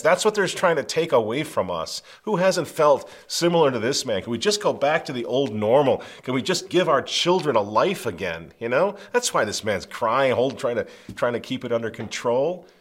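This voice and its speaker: A man's voice: medium pitch, fairly bright tone. A man hosting a political commentary, speaking emphatically in a preachy way and repeating phrases for stress. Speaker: commentary host.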